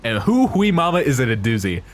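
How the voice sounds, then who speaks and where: A man hosting a let's play, giving excitable, jokey game commentary. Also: medium pitch, a little fast, a little hiss or hum.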